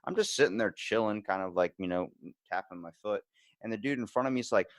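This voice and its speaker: A man's voice: lowish voice, fast, dry recording, studio quality. A man hosting a casual podcast, telling everyday stories in a loose, profane way and acting out what people said. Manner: casual, profane storytelling, acts out quotes.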